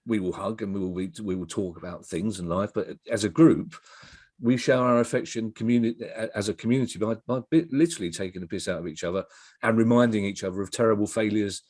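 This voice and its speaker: Speaking fast in a fairly low, darkish voice, a middle-aged comedy writer guests on a casual interview. He tells meandering anecdotes, cutting himself off and starting sentences over, recorded cleanly in a studio without echo.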